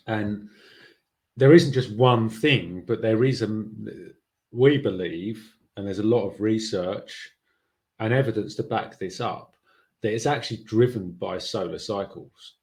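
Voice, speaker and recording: Male podcast host, low and unhurried, musing and restarting mid-thought. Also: a little mellow. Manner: musing, with many fillers and restarts. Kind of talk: casual monologue.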